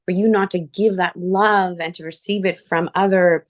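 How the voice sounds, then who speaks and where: A woman from Canada hosting a casual chat, telling personal stories in an animated way and acting out the voices of people she quotes. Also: fairly low pitch, normal speed, no echo, clean studio sound. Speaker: show host.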